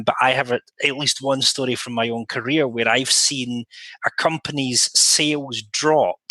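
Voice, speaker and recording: A man in a podcast discussion who works through a long, careful question step by step. His voice is bright and mid-pitched. The recording is dry and close. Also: no room sound. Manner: thoughtful, long winding questions. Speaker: podcast co-host, interpreter. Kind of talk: casual panel discussion.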